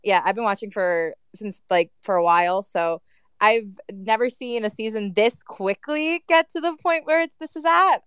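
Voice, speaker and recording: A woman's voice: mid-range voice, clear, resonant tone, no room sound. A woman in a casual audio chat room, talking heatedly and filling her speech with "like" and "um". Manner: heated, with frequent "like" and "um" fillers. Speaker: guest speaker.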